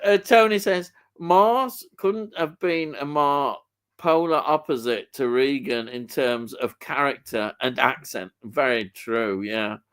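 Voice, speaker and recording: A man's voice: medium pitch, slow, fairly bright tone, smooth. Yorkshire bloke on a livestream, takes his time, umming a lot, reads out chat messages. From Yorkshire, England. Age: middle-aged. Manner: hesitant, many ums, laughs easily. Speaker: livestream co-host reading chat. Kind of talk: casual chat.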